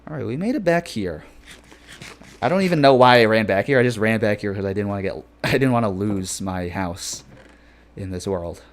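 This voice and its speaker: A man's voice: on the low side, animated, normal speed. Rambling jokey man streaming a game. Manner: rambling, loose, lots of filler phrases; jokey and playful. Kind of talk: casual live-stream chat.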